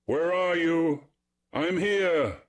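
A man voicing a proud young man lost in the woods, calling out loudly to his companions. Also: fairly high pitch, extremely slow, voice pushed up. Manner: shouted calls.

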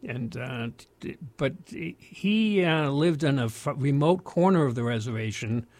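A man's voice: medium pitch, lively intonation, unhurried, darkish tone. An older American man telling a long personal story in a loose, rambling way, full of restarts and fillers. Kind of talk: casual spoken storytelling.

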